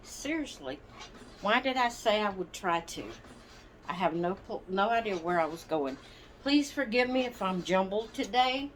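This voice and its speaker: Her mid-range voice sounds animated as she rocks in her chair at home, hosting a doll channel and chatting loosely with viewers. She rambles slowly, hesitates, apologizes and gropes for words, with a bit of background noise behind her.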